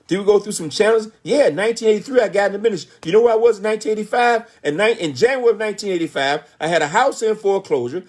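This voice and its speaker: A man in his sixties giving a motivational speech, telling his story with emphatic rhetorical questions. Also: high voice. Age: 60s. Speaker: motivational speaker.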